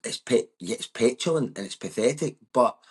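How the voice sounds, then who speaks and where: A man's voice: mid-range voice, animated, moderate pace, husky. A Scottish man in his thirties with a West of Scotland accent, a comedian guest talking candidly, bluntly and emphatically, with frequent swearing. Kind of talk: candid conversation.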